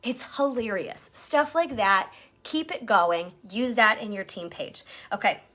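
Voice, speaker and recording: Bright-voiced woman coaching her team. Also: medium pitch, expressive, unhurried. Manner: chatty, acts out quotes in jumpy voices. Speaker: direct-sales team leader. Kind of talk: motivational coaching talk.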